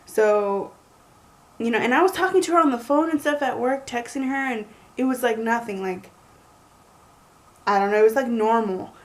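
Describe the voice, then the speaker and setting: A young woman telling a story in a chatty, animated way, full of likes. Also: a little high, normal speed, pauses often, rough recording. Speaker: vlogger. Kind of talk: casual storytelling.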